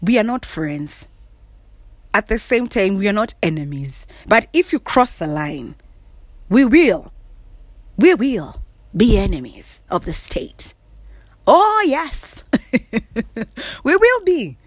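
A woman giving a sassy, emphatic casual monologue from her bed, often clearing her throat and laughing. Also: mid-range voice, sing-song, takes it slowly, long pauses, no echo. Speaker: vlogger. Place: in bed at home.

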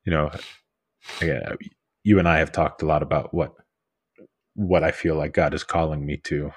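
A man's voice: a bass voice, steady tone, normal speed, husky, no echo. A man co-hosting a podcast, talking casually about faith and telling stories in a rambling way with many fillers. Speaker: podcast co-host.

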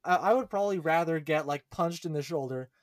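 A man co-hosting a casual podcast, chatty and animated, often laughing as he talks. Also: fairly high pitch, a little fast, no room sound. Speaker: podcast co-host.

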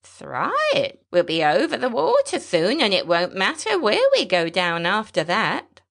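A woman voicing a frail elderly male bush pilot with a thin, high, wavering voice that drawls and stammers. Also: huge pitch swings, measured pace, gravelly, fairly bright tone, full character voice. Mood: grieving.

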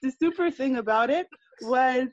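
This is a woman co-hosting a casual podcast, chatting in an animated way that keeps the story moving. Her voice is recorded dry and up close. The sound is a little dull and lo-fi. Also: high voice, normal speed, dry recording. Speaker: podcast co-host.

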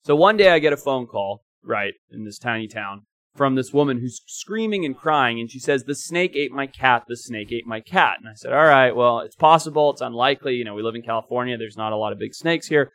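A young man from Africa, co-hosting a podcast, telling stories in an animated, emphatic way, sometimes swearing. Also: mid-range voice, brisk, dry recording. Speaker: podcast co-host. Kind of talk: casual chat and storytelling.

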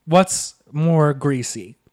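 A man's voice: fairly high pitch, a little mellow. A man co-hosting a podcast in casual chat, joking loosely and swearing. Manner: loose, swearing, jokey, quick bursts. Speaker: podcast co-host.

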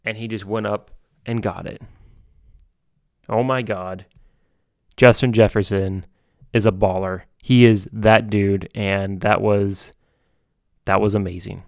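A young man giving solo sports commentary from home, excitable and gushing, often repeating and restarting himself. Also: fairly low pitch, slow pace, gravelly, pauses often, no room sound, clean studio sound. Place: home basement.

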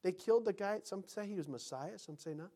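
A man preaching a sermon as pastor, telling stories and acting out quotes, swinging between loud and whispered lines. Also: sits high, fairly quick.

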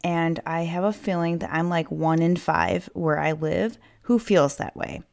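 Woman, podcast host, low-ish voice, angry, profane, rambling solo monologue. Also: measured pace, gravelly, darkish tone. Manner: fired up, swearing, rambling asides. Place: inside a child's play tent at home.

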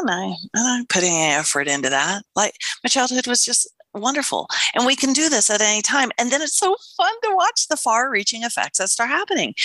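A woman's voice: fairly high pitch, sharp tone, no room sound. A middle-aged woman co-hosting a podcast in casual chat, telling stories animatedly, acting out quotes and swearing casually. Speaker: podcast co-host.

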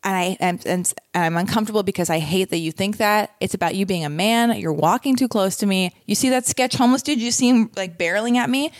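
A woman's voice: mid-range voice, fast talker, hardly any pauses, dry recording, clean studio sound. A young woman telling a story in a casual chat, acting out both sides of the dialogue.

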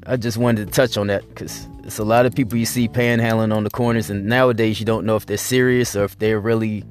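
A man's voice: lowish voice, level tone, fast, faint music behind. A man hosting his weekly show, talking in a blunt, rambling, profane casual monologue. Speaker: host.

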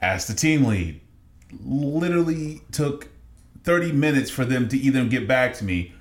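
A man's voice: medium pitch, animated, normal speed. A man co-hosting a podcast, ranting casually and profanely about his annoyances. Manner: exasperated ranting, mimicking others. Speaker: podcast co-host. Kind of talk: casual chat.

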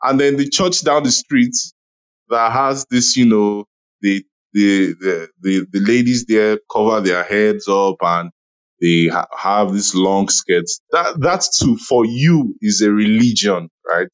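A man's voice: fairly low pitch, takes it slowly, rough recording. A man in a casual online audio room discussion, chatty and laughing, with many "you know"s. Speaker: Clubhouse room speaker.

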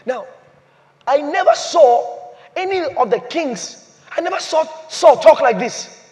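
High-voiced preaching man in echoing hall. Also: sing-song. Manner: dramatic preaching with swings from loud to hushed; repeats phrases, slows for emphasis. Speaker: pastor. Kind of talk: sermon. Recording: long hall reverb.

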